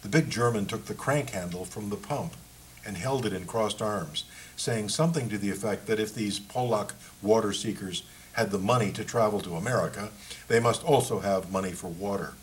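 A man, the author, reading aloud from his book in a measured, steady way. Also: on the low side, slight background noise, rough recording.

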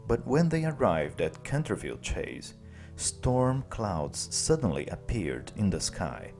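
A man teacher narrating a classic story slowly and clearly for language learners. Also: lowish voice, faint music behind. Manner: slow, clear, expressive.

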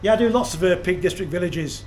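A man's voice: high-pitched, fast talker, slight background noise, poor audio. Enthusiastic middle-aged man on a walk. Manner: enthusiastic, admiring, chatty. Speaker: vlogger touring villages. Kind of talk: walking tour vlog narration. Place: outdoors in a village, then inside a small shop. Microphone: action camera mic.

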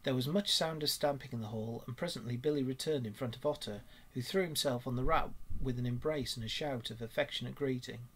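Husky guy reading a kids' book out loud, steady and expressive, medium pitch. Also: a little fast, hardly any pauses. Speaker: story reader. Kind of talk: reading a children's book aloud.

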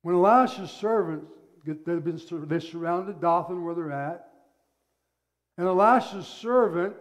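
Male pastor, animated storyteller in the pulpit, high-pitched, slow delivery. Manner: animated storytelling, acting out scenes. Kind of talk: sermon.

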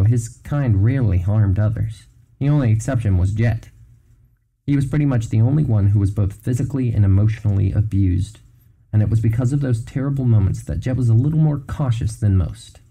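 Dark-voiced male audiobook narrator. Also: fairly low pitch, rough recording. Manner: measured, storytelling. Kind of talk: reading a novel aloud.

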